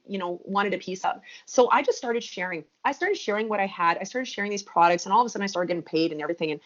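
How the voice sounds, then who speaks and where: Woman, 30s, podcast guest; lively emphatic storyteller, mid pitch, dull lo-fi sound. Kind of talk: podcast interview. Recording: muffled lo-fi audio.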